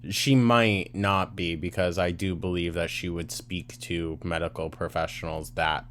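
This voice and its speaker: A man's voice: deep voice, little pitch movement, a little slow, fairly bright tone, slight background noise. A man hosting a reaction commentary, sarcastic, blunt and profane as he picks apart a clip. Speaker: commentary host.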